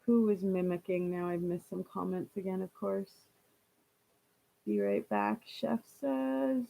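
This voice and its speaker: A woman's voice: medium pitch, animated, measured pace, vocal fry, warm tone. A woman chatting casually on a live stream, reading viewer comments aloud and laughing often.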